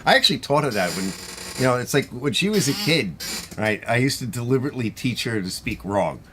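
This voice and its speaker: A man's voice: mid-range voice, expressive, fairly quick, background noise. A middle-aged man with a New York accent hosts a live stream, chatting casually and answering viewer comments in a rambling, conversational way. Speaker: host of a garage channel live stream.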